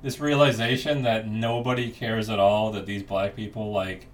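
A man's voice: lowish voice, level tone, moderate pace, a little hiss or hum. A man co-hosting a podcast, joking and laughing often in casual banter. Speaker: podcast co-host.

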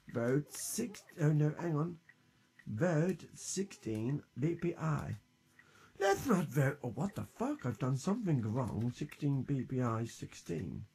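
A man's voice: fairly high pitch, husky. A man chatting casually to himself and his viewers while making music on a stream, rambling and swearing freely. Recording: loud guitar music playing behind.

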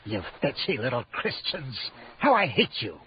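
A man's voice: medium pitch, sing-song, normal speed, a little hiss or hum, natural voice. An actor playing a spiteful, scornful male demon in a radio drama, sneering and theatrical. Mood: hateful. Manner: sneering, theatrical, swinging from growls to shrieks. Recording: dull lo-fi radio broadcast.

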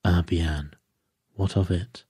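A fussy, dapper middle-aged detective, as a man puts him on for an audiobook, precise and prim, jumping up into high exclamations. The base voice underneath is deep, husky and dark, recorded close and dry. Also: steady tone, slow, no room sound, exaggerated voice. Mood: fussy, animated. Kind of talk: audiobook character voice.

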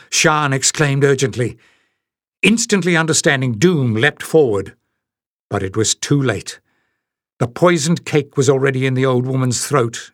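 A man narrates a fantasy novel in a measured, dramatic storytelling voice. He reads slowly in a mid-range pitch, and the recording is dry and close. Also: no room sound. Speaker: audiobook narrator. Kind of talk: scripted narration.

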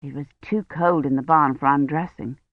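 A woman's voice: sits low, no room sound. Woman narrating an audiobook, dull dry sound. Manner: even, measured reading. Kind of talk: scripted narration.

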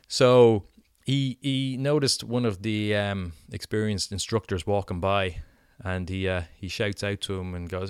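A man's voice: lowish voice, unhurried, smooth, dry recording, clean studio sound. A middle-aged Irish man hosting a podcast, telling a story in a chatty way, full of "you know" fillers. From Ireland. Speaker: podcast host. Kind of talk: casual storytelling monologue.

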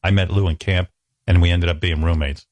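A man's voice: deep voice, steady tone, a little fast, a little mellow, no echo. A man telling stories from his own life in a casual, self-mocking way, acting out other people's lines. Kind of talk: casual storytelling chat.

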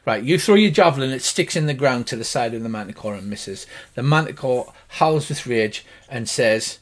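A man running a tabletop game as game master, narrating in a wry, relaxed way. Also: mid-range voice, normal speed, few pauses.

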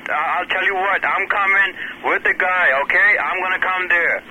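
A man answering calls at a fence business, with a high voice and a very bright, sharp timbre. He speaks politely and a little hesitantly, stopping to say sir again and again. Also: steady tone, normal speed, a little hiss or hum, poor audio. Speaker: fence company employee. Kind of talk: phone call.

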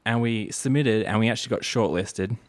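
A man with a somewhat low voice, talking casually as host. He rambles a little as he thinks out loud. The recording is dry and close, with no room sound. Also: fairly quick, no room sound. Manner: relaxed, rambling, thinks aloud. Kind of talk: casual chat.

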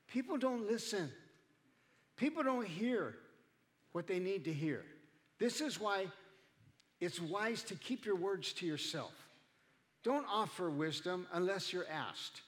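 A man's voice: high voice, lively intonation, unhurried, long reverb tail. A male pastor preaching a sermon in a conversational way, acting out the people he quotes. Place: church.

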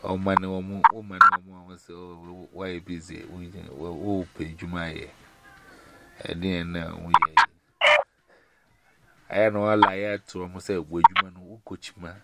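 A man's voice: sits low, flat delivery, a little slow. A man chatting casually on a call, rambling in broken pidgin English and often laughing. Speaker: caller. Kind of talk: casual chat. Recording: loud noisy call recording.

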